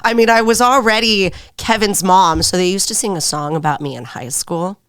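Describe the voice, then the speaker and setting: A woman's voice: mid-range voice, moderate pace, fairly bright tone, clear, resonant tone, no room sound, studio quality. A woman guest on an interview podcast, frank and laughing easily, swearing casually.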